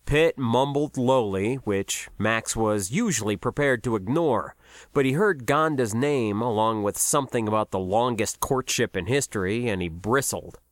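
A man narrating a science fiction story in a measured, expressive way. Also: medium pitch, no echo, clean studio sound. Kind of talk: audiobook narration.

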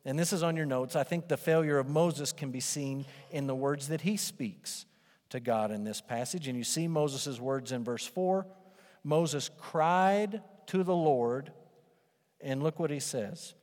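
A man's voice: on the high side, measured pace, a little mellow. A male pastor preaching a sermon, animatedly acting out the voices of the doubters and of Moses. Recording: preaching in a reverberant hall.

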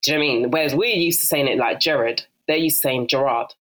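Rapid-fire and deep-voiced, a young South London woman tells stories as a guest in a laid-back interview. She's an animated storyteller who acts out other people's voices and keeps laughing.

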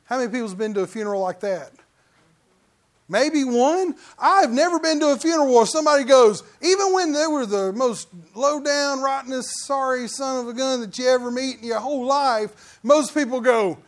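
A middle-aged man preaching a conversational sermon as pastor, breaking into loud mock outbursts now and then. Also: very high-pitched, lively intonation, moderate pace.

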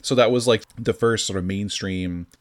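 A man with a fairly low voice hosts a casual podcast chat. He rambles loosely and leans on "like" as he works through his points, in an easygoing conversational tone. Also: normal speed. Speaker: podcast host.

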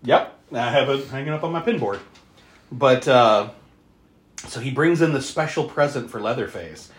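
A podcast co-host chats through a movie recap, laughing a lot and swearing casually. The voice swings widely in pitch. It sits in a roomy, echoey space. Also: animated, normal speed.

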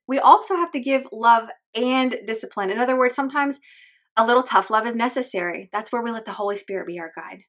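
A woman with a fairly bright, higher-pitched voice hosts a faith-based parenting podcast. She speaks earnestly and from the heart, openly showing her emotions.

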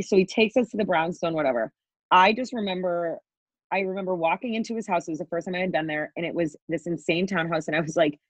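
A woman in her twenties, guesting on a podcast, candidly tells a wild dating story, swearing freely and acting out what people said. Her voice is lowish, and the recording is dry, dull, and lo-fi with no echo.

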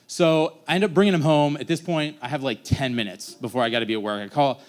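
Young man telling a story, smooth voice. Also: on the high side, fairly even intonation, quick pace. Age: young adult. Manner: casual rambling, acts out quoted voices. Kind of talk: personal story told on stage.

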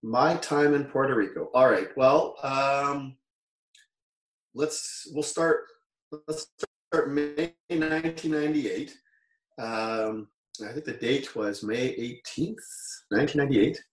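A Canadian man in his forties spins loose stories as an interview guest, backtracking and correcting himself in an easy, mid-pitched voice. He sits back from the mic in a room that echoes, so he sounds distant and hollow. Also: takes it slowly, long pauses. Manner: rambling, self-correcting, laughs while telling stories. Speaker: guest, former wrestler. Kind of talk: casual interview storytelling.

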